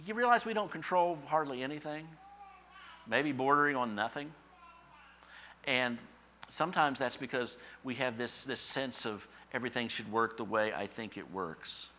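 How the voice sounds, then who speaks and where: A male pastor delivers a sermon in a chatty, anecdotal style, now and then acting out voices in his asides. His voice is bright and forward, pitched in an ordinary middle range. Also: moderate pace, slight background noise. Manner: conversational storytelling, acts out voices in asides.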